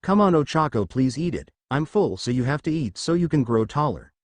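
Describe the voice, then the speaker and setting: A polite, earnest teenage boy from a fan fiction story, read out by a man. His voice rises and falls in a lively way and sounds dry and close. He stammers a little when he gets flustered. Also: medium pitch, brisk, dry recording, close to an everyday voice. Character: shy polite teenage boy hero, eager.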